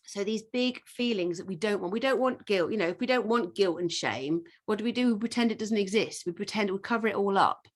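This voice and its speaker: A woman, leading an informal masterclass as a life coach, talking in an earnest, rambling way with many fillers, restarts and the odd swear word. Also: mid-range voice.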